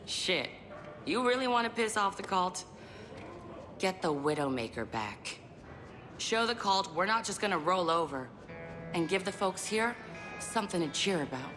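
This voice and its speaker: A blunt, gruff small-town fighter. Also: female voice, on the low side, sing-song, normal speed, long pauses, fairly bright tone, faint music behind. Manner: blunt, gruff, swears freely. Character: tough small-town woman resisting a cult. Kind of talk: video game dialogue.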